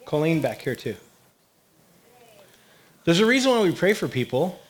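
A man's voice: fairly high pitch, big pitch swings, moderate pace. A man leading a congregation in prayer, directing people and calling out encouragement. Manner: direct, encouraging, calls out to the room. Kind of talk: leading a church prayer time. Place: church service before a congregation.

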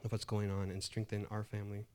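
A man's voice: fairly low pitch, monotone, fast talker, a little mellow. A middle-aged man preaching a sermon in a conversational way, often restarting phrases and building emphasis. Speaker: pastor.

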